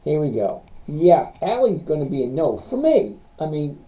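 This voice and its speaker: This livestream stock trading host speaks at a moderate pace in a fairly high, sing-song voice. Casually and bluntly, he rambles through viewer questions about stocks and reads figures from charts, all with tinny, phone-like audio.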